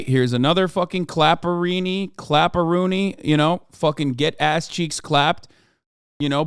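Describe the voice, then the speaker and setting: A man hosting a livestream, ranting at his chat in a profane, sarcastic, heated way, sometimes shouting. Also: smooth, no room sound, studio quality. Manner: shouts and raises pitch when ranting. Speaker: livestream host reacting to chat. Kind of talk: casual livestream rant.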